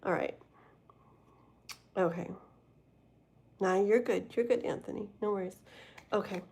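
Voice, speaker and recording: A woman's voice: medium pitch, unhurried, gravelly, darkish tone, husky. Rambling, chatty woman tarot reader. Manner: rambling, filler-heavy, casual; chatty, addresses viewers directly. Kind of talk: live-stream tarot reading.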